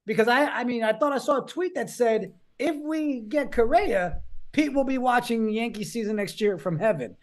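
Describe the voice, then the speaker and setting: A woman with a somewhat high voice hosting a sports fan stream. She is upbeat and teasing, and she talks in quick bursts. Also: lively intonation, darkish tone. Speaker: host. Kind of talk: casual sports podcast chat.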